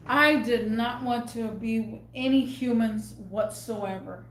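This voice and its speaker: A young woman with a fairly high voice rambles through an exasperated rant. She vents casually to her viewers as a vlogger. Her voice bounces around an echoey room at home. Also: measured pace, a little hiss or hum.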